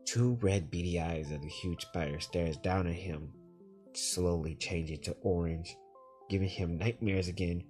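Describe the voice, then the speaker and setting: A man reading his own spooky story aloud, in a plain, halting way with small slips. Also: sits low, steady tone, darkish tone, soft background music.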